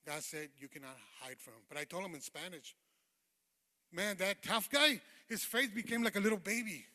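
Lay preacher, male, high bright voice, fervent and informal testimony, amen-calling, church hall reverb. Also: moderate pace. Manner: fervent, calls out amen to the congregation; informal, rambling, with many fillers. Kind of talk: sermon testimony. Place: church sanctuary.

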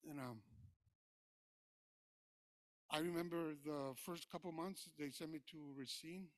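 A man with a high voice preaches his own testimony in a church. He talks loosely, full of fillers, and drops soft before rising to loud, driving preaching. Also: measured pace, no room sound. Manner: informal, many fillers, swings between quiet recollection and loud preaching. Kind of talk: sermon testimony.

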